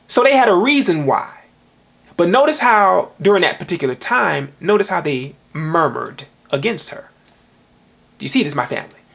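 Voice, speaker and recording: Husky-voiced male Bible teacher, emphatic, reads scripture slowly and keeps checking in with his audience. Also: a little high, a bit bright. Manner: emphatic, repeatedly asks "do you see this"; reads verses slowly and deliberately.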